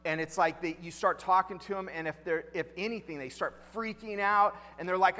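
A man's voice: high voice, brisk, hardly any pauses, pushed and bright, in a large hall. A male pastor preaching a sermon in a conversational way, asking the congregation questions and repeating key lines.

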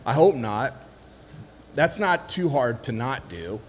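A man preaching a sermon as pastor, lively and conversational, acting out little voices of the people in his story. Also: mid-range voice, slow pace. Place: church hall. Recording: long hall reverb, faint background noise.

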